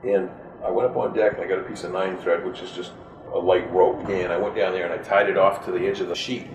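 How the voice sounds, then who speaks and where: A man's voice: deep voice, level tone, fast talker, roomy sound, far from the mic, background noise. An older man, a retired fisherman, telling a story step by step. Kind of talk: storytelling interview.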